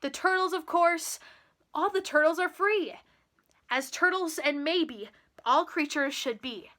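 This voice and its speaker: A teenage girl reading a children's picture book aloud with slow, expressive delivery. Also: high voice. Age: teens. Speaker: storyteller.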